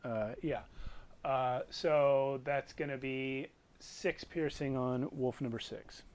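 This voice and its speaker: A man's voice: medium pitch, steady tone, takes it slowly, a little mellow, clear, resonant tone. A man narrating and running combat as game master of a tabletop game, describing the blows vividly and energetically.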